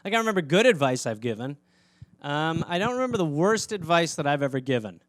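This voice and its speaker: A man's voice: a little high, big pitch swings, fast talker, fairly bright tone, no echo, clean studio sound. A man from Wisconsin with an American Midwestern accent, hosting a casual solo chat in a rambling, profane, self-mocking way. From Wisconsin, USA. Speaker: comedian host answering fan questions.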